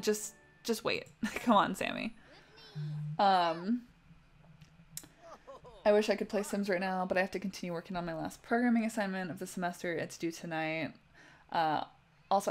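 A woman's voice: on the low side, fairly even intonation, moderate pace, long pauses. Chatty young woman streaming a life-sim game. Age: young adult. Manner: chatty, talks to her game characters. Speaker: livestreamer. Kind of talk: casual gameplay commentary.

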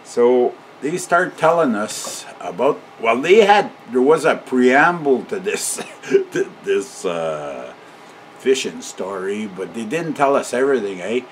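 An older man tells a casual, meandering story in a slow, easy drawl. His voice sits at an ordinary middle pitch, and he keeps chuckling and tacking "eh?" onto his sentences. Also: big pitch swings, slight background noise. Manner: rambling, chuckles often, tags sentences with "eh?".

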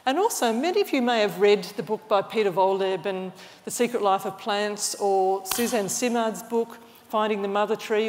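A woman gives an illustrated public lecture at a middle pitch. She explains with keen enthusiasm and restarts a phrase here and there. Her voice trails a long reverb through a large hall. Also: darkish tone. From Australia. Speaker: mycologist giving a talk.

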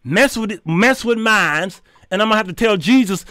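A middle-aged man, hosting his show and telling a story in an animated, preachy way with sudden shouts. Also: high-pitched, normal speed, clear, resonant tone, dry recording, clean studio sound. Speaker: show host. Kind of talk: storytelling commentary.

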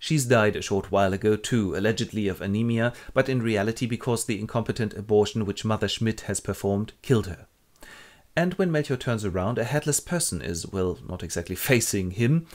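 A man hosting a comic retelling of a classic play, with wry deadpan asides. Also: on the low side, fairly quick. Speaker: host.

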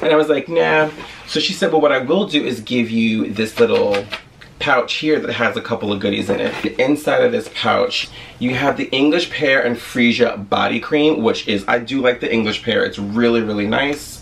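A man with a gravelly, creaky voice of middling pitch, chatting through a haul video at home. He gushes and rambles with excitement. He sits a little back from the mic, and a faint hiss runs under his voice. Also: normal speed, far from the mic. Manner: enthusiastic, gushing, rambling. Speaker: vlogger. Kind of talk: casual haul vlog.

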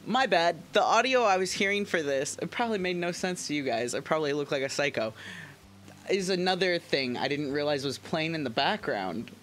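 Joking gamer dude cursing a lot, animated voice, bright tone. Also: male voice, fairly high pitch, brisk. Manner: jokey, swears, laughs often. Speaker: gaming streamer. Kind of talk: casual gameplay commentary.

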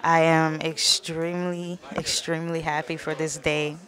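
Emotional young woman at a wedding, low voice, speaks slow and soft, halting. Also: little pitch movement. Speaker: bride's daughter. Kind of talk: wedding interview.

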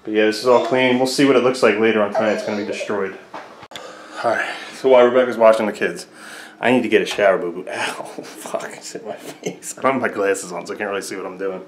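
A young man filming a casual home vlog, talking to his baby sons indoors and slipping into high sing-song baby talk. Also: steady tone, fast talker, reverberant. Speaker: vlogger and father.

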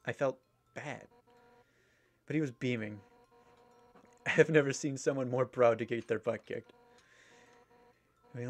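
A man's voice: mid-range voice, natural voice. A man voicing a brash fish warrior woman. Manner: loud, boastful, blunt. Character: brash fierce female fish warrior captain. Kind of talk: reading game dialogue aloud.

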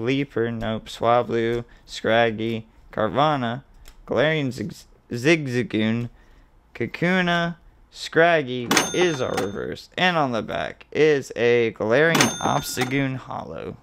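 A man hosting his own video, calmly listing card names as he opens packs and getting excited at the good pulls, with the odd swear word. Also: mid-range voice, takes it slowly, smooth. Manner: relaxed, mildly profane. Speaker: host. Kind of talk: casual card-opening commentary.

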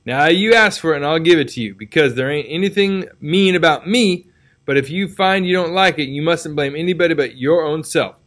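A cheeky, mischievous boy , as a man reading aloud puts him on, raised in pitch and full of sly, pleading excuses. The country dialect gives the storybook figure a rough, playful edge. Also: brisk, a bit bright, lightly acted. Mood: coaxing.

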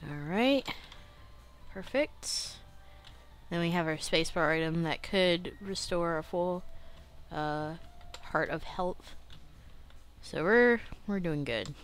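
A young adult woman hosting a casual let's-play, chatty and self-critical, clearing her throat often and breaking into excited outbursts. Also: lowish voice, slow, long pauses, a little hiss or hum. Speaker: gaming channel host.

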